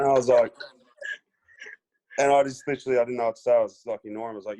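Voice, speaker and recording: A man with an Australian accent, a former footballer telling stories as a podcast guest in a relaxed way, with lots of fillers. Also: medium pitch, quick pace, long pauses, noisy background. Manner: laid-back storyteller, many fillers, acts out quotes. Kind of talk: casual storytelling chat.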